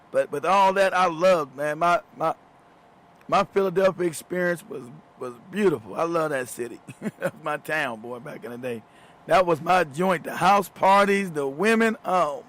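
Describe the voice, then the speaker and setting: On the high side and a bit bright, this show host's voice belongs to a man in his fifties. His casual storytelling monologue is loose and profane, full of laughter and repetition.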